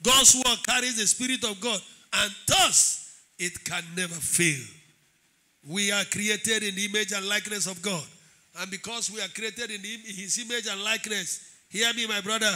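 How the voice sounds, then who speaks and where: A man preaching a sermon as pastor, calling out to the congregation and building into shouted declarations. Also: high-pitched, fairly even intonation, unhurried. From Nigeria. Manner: preaching with call-and-response, swelling into shouted declarations.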